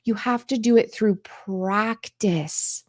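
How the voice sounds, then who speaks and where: A woman's voice: mid-range voice, takes it slowly, a little mellow, dry recording, studio quality. A woman hosting a live stream on home organizing, talking straight to her viewers in an upbeat, coaxing way and answering their questions.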